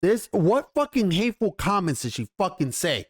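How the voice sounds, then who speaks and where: Man, vlog host, angry profane rant, rambling restarts, somewhat high voice. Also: big pitch swings, normal speed, breathy edge. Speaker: YouTube commentary host. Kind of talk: unscripted ranting commentary.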